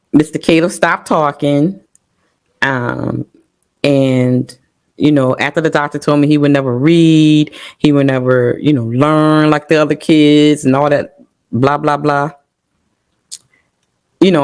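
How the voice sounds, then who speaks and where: A woman's voice: low voice, darkish tone. A middle-aged woman sharing an emotional personal testimony on a talk show, full of fillers and trying not to cry. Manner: emotional, holding back tears, many fillers. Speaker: podcast guest sharing testimony.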